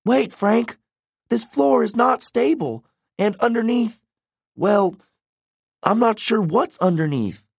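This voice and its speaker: A man's voice: sits high, animated, slow pace, gravelly, long pauses, husky, no room sound, clean studio sound, pitched above the performer's own voice, full character voice. A man voicing an anxious, cautious young woman in an audiobook, speaking urgently and pleadingly.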